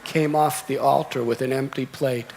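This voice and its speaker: A man's voice: medium pitch, fairly even intonation, moderate pace, creaky, darkish tone, a little hiss or hum. A monk in his sixties telling a devotional story in a temple sermon, fond of repeated lists. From United States. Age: 60s. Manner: storytelling with repeated, listed phrases. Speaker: monk giving a discourse.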